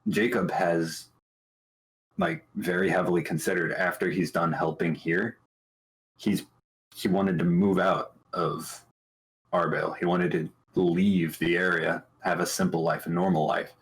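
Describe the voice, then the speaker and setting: A man talking casually about his tabletop game character, thoughtful and halting, with many restarts. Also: low-pitched, a little hiss or hum, rough recording. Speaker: tabletop game player on a talk show.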